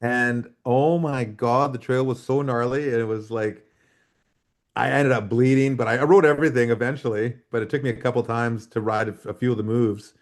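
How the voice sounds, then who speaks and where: Animated middle-aged man telling stories. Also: mid-range voice. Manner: animated storyteller, acts out quoted dialogue. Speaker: podcast guest, freeride mountain biker. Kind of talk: casual storytelling interview.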